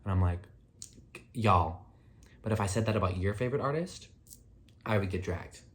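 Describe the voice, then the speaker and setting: A young man with a slightly low voice chats through a casual storytime vlog. He rambles and leans on filler words. His pitch jumps up sharply when he gets excited. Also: normal speed. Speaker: vlogger.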